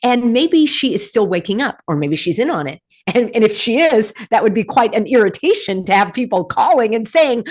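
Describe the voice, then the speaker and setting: A middle-aged woman hosting a casual commentary for her viewers, animated and sarcastic, often breaking into laughter. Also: fairly high pitch, normal speed. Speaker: host.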